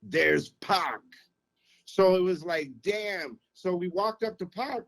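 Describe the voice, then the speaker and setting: Man, middle-aged, podcast guest, animated storyteller, raised pitch, casual. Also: measured pace, rough recording. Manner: animated anecdote-telling, acts out quotes, keeps saying "you know what I mean". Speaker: podcast guest, former radio programmer.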